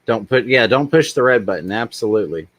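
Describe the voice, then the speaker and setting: A man's voice: fairly low pitch, animated, fairly quick, fairly bright tone, no echo. A man hosting a casual livestream chat, joking and self-deprecating as he rambles along. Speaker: livestream host.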